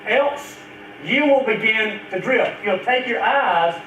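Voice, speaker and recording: High-voiced preacher in an echoey church. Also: male voice, lively intonation, sharp tone, slight background noise. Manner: earnest, drawn-out emphasis on key phrases. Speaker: pastor. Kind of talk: sermon to a church congregation. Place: church sanctuary. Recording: echoey church recording from far off.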